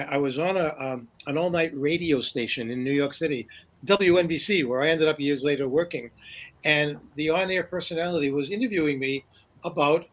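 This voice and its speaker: A man's voice: on the high side, a bit bright. An older man who is a guest in a casual interview, telling rambling stories full of fillers and restarts and chuckling often. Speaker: guest, paranormal journalist.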